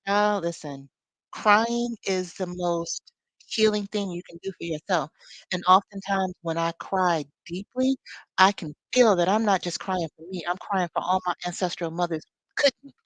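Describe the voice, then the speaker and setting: Sassy low-voiced woman teaching. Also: unhurried, no room sound, poor audio. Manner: expressive, sassy conversational asides. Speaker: spiritual teacher. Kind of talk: live spiritual teaching.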